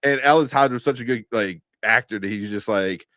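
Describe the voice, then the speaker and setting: A man co-hosting a casual show review chat, animated and laughing often, with lots of fillers. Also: medium pitch, a little fast, no room sound, clean studio sound. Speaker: podcast co-host.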